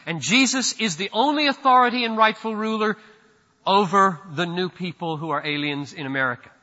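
A pastor preaching a sermon with emphatic declarations and sudden drops into low, quiet asides. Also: male voice, in a large hall, lo-fi sound.

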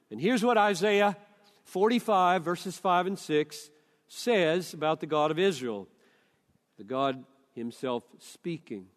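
Older guy preaching, slow deliberate sermon, lots of scripture quotes, big echoey hall. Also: on the high side, expressive. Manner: emphatic, deliberate, quoting scripture.

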